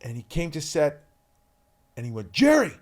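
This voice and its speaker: Energetic male actor telling stories. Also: a little high, moderate pace. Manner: energetic, animated, shouts out quoted lines. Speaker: actor guest. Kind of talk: candid interview storytelling.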